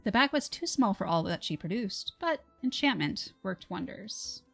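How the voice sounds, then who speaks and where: A woman reading her own fantasy novel on a livestream, with soft, measured narration and casual asides. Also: medium pitch, sing-song, gravelly, faint music behind. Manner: soft, measured narration, laughs between passages.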